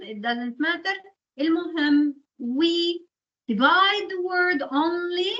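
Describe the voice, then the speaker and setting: High-voiced woman lecturer, muffled recording. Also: fairly bright tone. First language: Arabic. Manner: switches between English and Arabic, explains rules step by step. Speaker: English translation lecturer. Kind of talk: university lecture.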